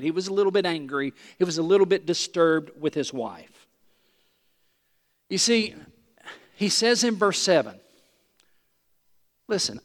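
High-voiced man preaching in a hall. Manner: animated, emphatic, conversational teaching. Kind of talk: expository sermon.

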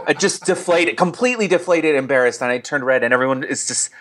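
A man in easy conversation, telling an anecdote with energy. He slips into the voices of the people he quotes and speaks at a middle pitch. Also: fast. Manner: animated storyteller, acts out quoted voices. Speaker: guest, online reviewer. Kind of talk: casual conversation.

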